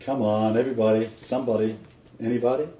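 A man's voice: medium pitch, level tone, fast talker. A man leading an interactive Bible study, quizzing his group and laughing often. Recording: roomy dull lo-fi recording.

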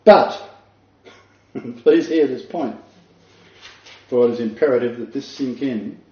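A man's voice: medium pitch, takes it slowly, dark tone. An older man preaching a sermon, earnest and emphatic, with asides to his listeners. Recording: dull echoey room recording.

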